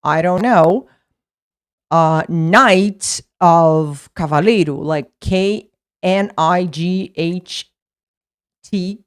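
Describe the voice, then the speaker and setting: A woman explains English words. She talks slowly and patiently, spelling out letters and repeating each word. Her voice sits a little low for a woman. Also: smooth. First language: Portuguese. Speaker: English teacher. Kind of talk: explaining vocabulary in a lesson.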